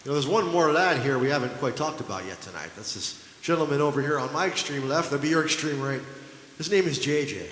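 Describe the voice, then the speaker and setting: Dude on stage teasing a bandmate in his intro, lively voice, kinda bright, big echoey room. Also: on the high side, quick pace, a little hiss or hum. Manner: playful, teasing. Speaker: band member introducing players. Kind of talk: live stage banter. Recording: echoey hall with long reverb.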